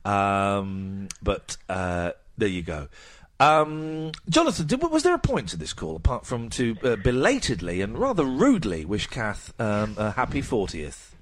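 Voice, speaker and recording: A man hosting a radio show, chatting in a lively, self-mocking way into a close headset mic. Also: on the low side, a little slow, few pauses, slight background noise. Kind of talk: casual radio chat.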